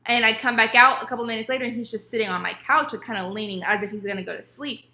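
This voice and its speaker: A young woman vlogger telling a personal story in casual, animated storytime style, acting out what others said. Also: a little high, fast talker. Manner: animated, acts out quotes of others. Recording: echoey room.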